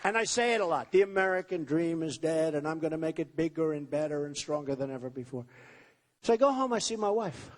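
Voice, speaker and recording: A man's voice: a little high, lively intonation, brisk, big-room sound. A man giving a campaign rally speech, rambling, repetitive and boastful. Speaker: presidential candidate. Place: large rally venue with crowd.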